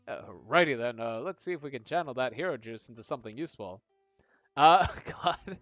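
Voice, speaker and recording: A man casually narrating a tabletop-style game on a live stream, pausing often and asking his viewers for ideas. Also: medium pitch, lively intonation, fairly bright tone, no echo. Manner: hesitant, lots of ums, chatty with viewers. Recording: dull lo-fi audio with faint game music.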